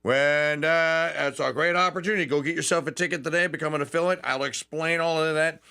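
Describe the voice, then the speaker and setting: A man's voice: on the high side, fairly even intonation, brisk, creaky, pushed and bright, smooth. A man from Louisiana hosting a talk radio show, delivering a folksy, joking monologue with mocking asides.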